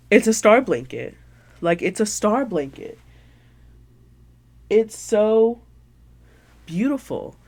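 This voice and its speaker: A woman hosting her podcast in casual show-and-tell chat, gushing and sentimental, with lots of filler words. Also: mid-range voice. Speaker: podcast host.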